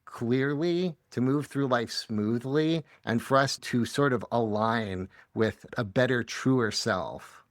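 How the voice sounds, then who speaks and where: A man's voice: mid-range voice, slow, hardly any pauses, dry recording, clean studio sound. A man hosting a podcast interview, often chiming in with short agreements. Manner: affirming, frequent brief agreements. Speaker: podcast host. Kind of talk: conversational interview.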